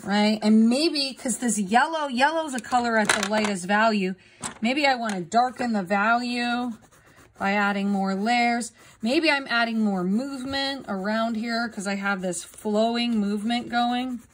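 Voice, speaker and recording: A woman's voice: a little high, measured pace, slight background noise. A woman art teacher talking casually through a drawing demonstration, often checking in with "right?". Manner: casual, tags sentences with "right?".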